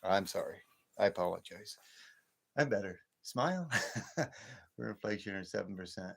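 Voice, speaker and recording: A man's voice: low-pitched, expressive, moderate pace, creaky, breathy edge. A man in his late fifties hosting a late-night livestream, ranting and rambling with many repeats and restarts. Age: 50s. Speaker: livestream host.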